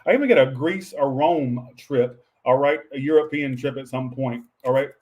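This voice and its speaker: A man's voice: medium pitch, normal speed, darkish tone. A man giving a casual tarot reading to his viewers, rambling and offhand, with frequent swearing and asides to chat. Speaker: tarot reader.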